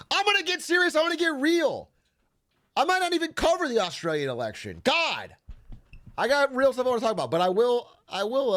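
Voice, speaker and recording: A man's voice: high voice, a bit bright. A man chatting casually on a livestream, joking and reading messages from chat aloud. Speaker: streamer.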